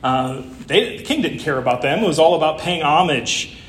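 A man's voice: fairly high pitch, lively intonation, normal speed, a bit bright, slight background noise. Man preaching in an echoey room. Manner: conversational, with rhetorical questions. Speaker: pastor. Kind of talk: sermon.

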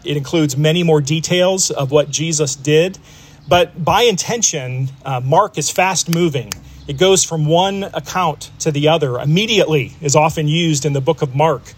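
A man's voice: on the high side, husky. A man preaching a sermon to a congregation in a conversational way, with frequent fillers and restarts. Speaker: pastor.

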